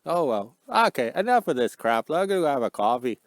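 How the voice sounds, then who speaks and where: A man's voice: medium pitch, big pitch swings, fast talker, no echo, studio quality. A man, rambling and joking in a folksy way, recording a casual vlog outdoors in the cold on his phone. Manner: folksy, joking, ends sentences with "eh". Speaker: vlogger. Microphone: phone camera.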